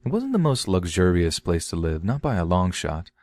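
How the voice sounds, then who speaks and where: A man's voice: sits low, wildly swooping pitch, normal speed, a little mellow, dry recording. A man telling a true horror story in the first person, in a casual, conversational way.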